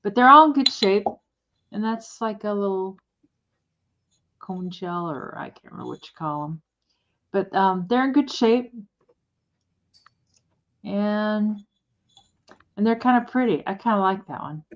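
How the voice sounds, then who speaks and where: A woman's voice: mid-range voice, animated, measured pace, long pauses, fairly bright tone. Woman co-host, friendly rambling sales chat, slightly dull lo-fi recording. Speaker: live sale co-host. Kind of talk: casual selling chat.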